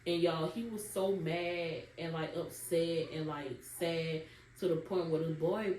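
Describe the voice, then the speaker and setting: A woman's voice: sits low, fairly even intonation, measured pace, a little mellow. A young woman tells her own birth story to viewers in a casual, emotional way and keeps calling them y'all. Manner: addresses viewers as y'all often, casual Southern US dialect. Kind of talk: emotional personal storytelling to camera. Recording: roomy sound from a distance with faint background noise.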